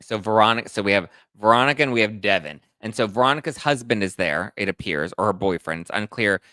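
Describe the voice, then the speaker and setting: Sarcastic gossiping man, forceful and low. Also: quick pace, dry recording. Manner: animated, sarcastic storytelling. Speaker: host. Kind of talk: celebrity gossip commentary.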